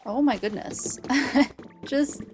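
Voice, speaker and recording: Woman, game streamer, casual commentary, excitable, higher pitch, faint background music. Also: extremely slow. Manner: excitable, gasps and squeals at finds. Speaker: streamer and biologist. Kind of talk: casual let's-play commentary.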